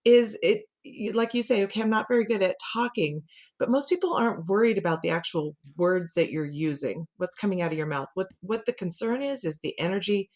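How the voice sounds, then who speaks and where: A middle-aged woman, a communication coach, chatting as a podcast guest and telling animated stories with frequent laughter. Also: fairly low pitch, fairly quick, few pauses. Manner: lively storyteller who laughs often and acts out quotes. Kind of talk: conversational podcast interview.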